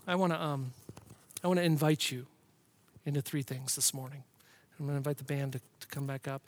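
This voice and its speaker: High-voiced man preaching with passion. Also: no room sound. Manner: impassioned preaching, swings from hushed whispers to loud emphatic lines; repetitive, rhythmic lists. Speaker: pastor. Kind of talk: sermon.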